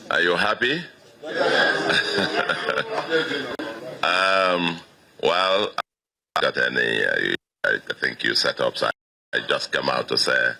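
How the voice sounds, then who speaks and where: A Nigerian man in his sixties delivers a victory speech as state governor, stressing his points by repeating them. His voice sits extremely low, yet it has a sharp, forceful brightness on top. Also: gravelly. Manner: emphatic, repeats phrases for stress.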